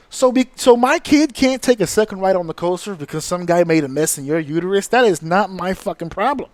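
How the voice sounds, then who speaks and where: A man in his thirties hosting a podcast, telling a story in a profane, exasperated, animated rant. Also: high voice, brisk, few pauses, no room sound. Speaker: podcast host.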